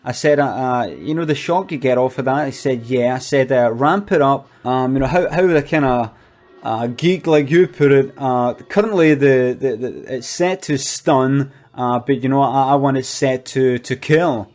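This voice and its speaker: A man playing a hesitant, shady product promoter who fills his talk with halting pauses and deadpan asides. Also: medium pitch, soft background music, natural voice. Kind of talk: comic monologue.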